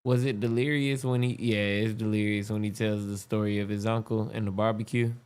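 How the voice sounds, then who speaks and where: A man's voice: on the low side, flat delivery, a little fast, darkish tone, smooth. A male podcast host chatting casually and laid-back, reacting to comedy clips. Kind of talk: casual chat.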